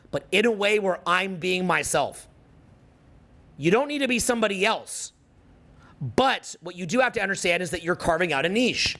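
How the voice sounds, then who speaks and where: A man's voice: sits high, vocal fry, fairly bright tone. A middle-aged man with a Canadian accent, giving an emphatic motivational seminar talk as a coach, often repeating phrases for effect. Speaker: social skills coach.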